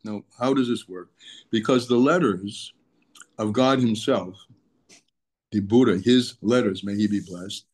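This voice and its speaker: Man, low voice, daily text lesson, explanatory, repeats and restates terms. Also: a little slow, pauses often, a little mellow. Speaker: Torah teacher.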